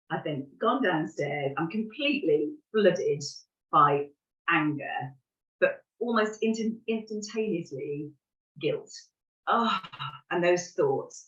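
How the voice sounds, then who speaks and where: Mum, lowish voice, frank and self-deprecating, roomy off-mic recording. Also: female voice, a bit bright. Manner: candid, laughs at herself while recounting. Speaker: parent sharing an example. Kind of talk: reflective conversational talk. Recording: roomy, distant, dull sound.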